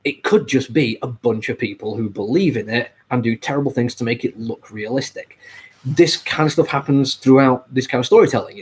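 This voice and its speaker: A man's voice: mid-range voice, breathy edge. A man hosting a casual comic book review, enthusiastic and rambling, with lots of ums and uhs.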